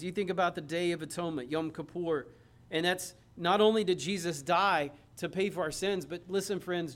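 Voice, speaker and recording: Fervent high-voiced man preaching a sermon. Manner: preaching with rising fervor, addresses listeners as friends; acts out Bible figures in quoted dialogue. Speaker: pastor.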